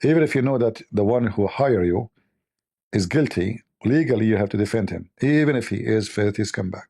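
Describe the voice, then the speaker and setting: Man, livestream host, casual commentary, sarcastic and rambling, dark husky voice. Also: on the low side, lively intonation, a little fast.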